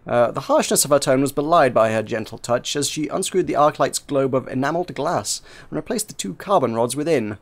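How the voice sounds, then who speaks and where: A man's voice: medium pitch, animated, fairly quick. A man reading a narrative game aloud for viewers, narrating with frequent slips and restarts.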